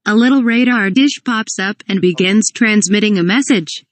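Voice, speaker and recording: A woman's voice: mid-range voice, normal speed, dry recording. A woman reading a comedic parody script aloud. She reads stage directions and dialogue and spells some words out letter by letter.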